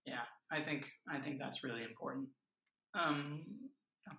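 A man's voice: mid-range voice, measured pace, a crowd in the background. A man in his twenties, a podcast guest, telling stories in an earnest, reflective way. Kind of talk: casual chat. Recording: echoey room.

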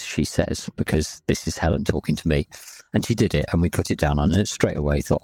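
A man, a songwriter in a band, talking in a halting, emotional way, often repeating words. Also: low-pitched, dark tone, slightly rough, no room sound. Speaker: lyricist and singer in a band. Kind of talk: reflective podcast chat.

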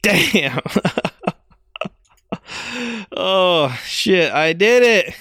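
Slow-talking self-mocking young man. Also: on the high side, expressive, a bit bright, no room sound, studio quality. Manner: self-deprecating, rambling, laughs often. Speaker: podcast host. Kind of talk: casual solo podcast rambling.

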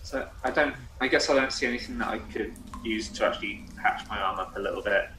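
A man's voice: fairly low pitch, fast, sharp tone. Guy explaining his move at a tabletop game, sounds far off and roomy, some hiss. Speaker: player. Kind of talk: tabletop role-play.

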